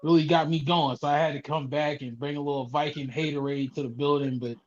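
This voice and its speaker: A man returning to a sports podcast panel, greeting the others in a relaxed, friendly way. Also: on the high side, fairly quick, muffled recording. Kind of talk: casual sports chat.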